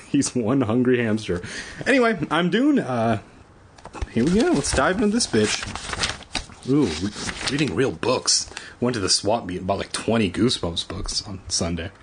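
A man hosting a casual read-aloud podcast, talking in rambling, jokey asides full of swearing, with a husky voice. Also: medium pitch, very animated, unhurried, pauses often, background noise. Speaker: podcast host reading books aloud.

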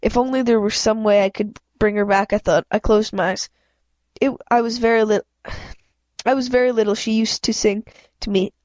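Here a woman with a fairly high, slightly mellow voice reads from a children's novel at a moderate pace, keeping her intonation fairly even. Her delivery is plain, broken by frequent slips and self-corrections. The dry, dull audio comes from a home mic she adjusted on her own.

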